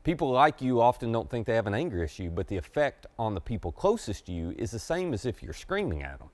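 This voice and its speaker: A man's voice: medium pitch, sing-song, quick pace, no echo. A middle-aged man preaching a conversational sermon to camera as pastor, confiding and emphatic.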